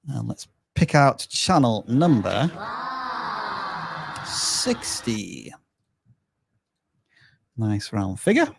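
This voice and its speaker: A man hosting a live channel review, thinking aloud and giving measured advice. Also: medium pitch, creaky, a little mellow. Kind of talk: casual live-stream review.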